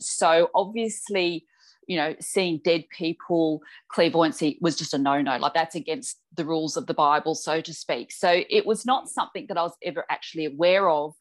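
Chatty woman, lowish voice. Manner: chatty storyteller, acts out quoted dialogue. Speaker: clairvoyant medium guest. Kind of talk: casual podcast interview.

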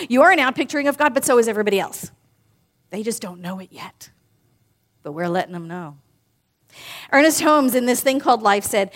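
Lively woman preaching to a congregation. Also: on the high side, fairly quick, long pauses. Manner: animated, playful, talks directly to the congregation. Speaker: minister. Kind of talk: sermon. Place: in front of a live congregation.

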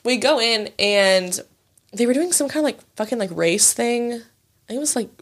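A woman's voice: on the high side, animated, moderate pace. Chatty young woman telling a story. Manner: chatty, swears freely, acts out quoted voices. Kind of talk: casual storytelling chat.

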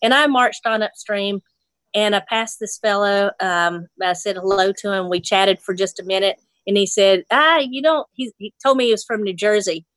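A woman's voice: mid-range voice, normal speed, fairly bright tone, no echo. A woman from Nashville, a fly fishing instructor, telling a fishing story in casual chat, laughing often and acting out the voices she quotes. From Nashville, Tennessee.

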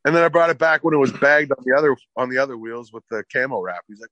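A man's voice: mid-range voice, fast, bright, forceful tone, no echo, muffled recording. A man telling a long car story in casual chat, swearing often and filling with "like". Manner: profane, rambling, fillers like "like".

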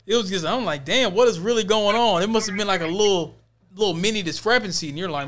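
A young adult man chatting casually on a podcast, telling animated stories and acting out what people said. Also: sits high, a little fast, slight background noise. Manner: animated storyteller, acts out quotes with laughter. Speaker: podcast co-host. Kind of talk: casual chat, storytelling.

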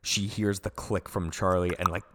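Lower-voiced excitable man, reverberant room. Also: normal speed. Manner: excitable, jumps in to finish scenes and praise shots. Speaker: podcast co-host. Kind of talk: casual film recap chat.

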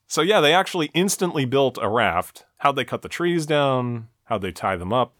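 A man's voice: mid-range voice, animated, fairly quick, few pauses, a bit bright, no room sound. A man co-hosting a podcast, walking through a cartoon episode beat by beat with dry, mocking asides. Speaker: podcast co-host. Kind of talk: casual recap of a cartoon episode.

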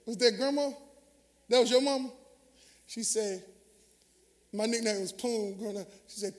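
High-voiced preacher in a reverberant hall. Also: male voice, moderate pace, long pauses. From Southern US. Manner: call-and-response preaching, animated and conversational. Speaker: pastor. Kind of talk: sermon. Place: large church sanctuary.

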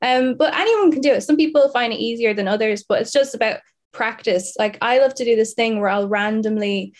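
Bubbly actress chatting on a show, slightly high voice. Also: female voice, fairly quick. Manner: bubbly, enthusiastic. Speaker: actress guest. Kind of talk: casual interview chat.

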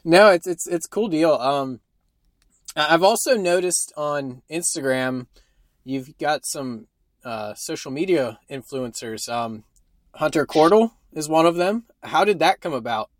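A man's voice: on the high side, animated, a little slow, no echo. Easygoing male podcast host, dry close sound, casual joking chat. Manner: easygoing, joking, many ums.

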